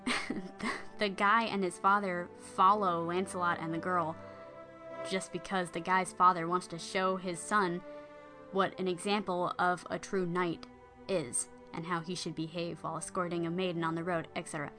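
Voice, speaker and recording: Woman retelling a story, chatty, bright voice, lil bit of music in back. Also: lowish voice, flat delivery, normal speed. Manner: chatty, with wry asides.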